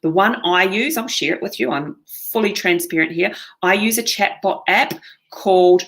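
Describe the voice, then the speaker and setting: A woman's voice: medium pitch, moderate pace, creaky, fairly bright tone. Upbeat New Zealand woman presenting a webinar. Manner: upbeat, addresses viewers directly, frequent "okay?" check-ins. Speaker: seminar presenter.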